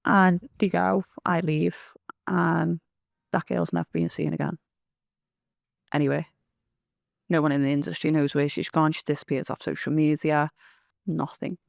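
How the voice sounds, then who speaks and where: Gravelly woman telling a story. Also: low-pitched, flat delivery, no room sound, studio quality. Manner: blunt, swears freely, fast rambling. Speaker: interviewee giving testimony. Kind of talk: candid storytelling.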